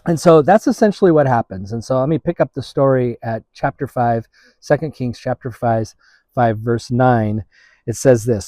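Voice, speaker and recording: A man preaching a sermon as pastor, speaking in a halting way with frequent restarts. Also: medium pitch, dark tone, no echo.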